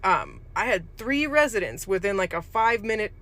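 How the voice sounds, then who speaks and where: Nursing home worker, casual ghost story, rambling, bright voice. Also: medium pitch, big pitch swings, normal speed. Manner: rambling, loose, with fillers and restarts.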